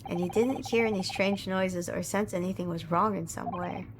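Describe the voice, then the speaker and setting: A woman's voice: fairly low pitch, steady tone, moderate pace, noisy background, lightly acted. Woman reading as a polite young male lawyer. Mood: earnest. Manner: polite, questioning.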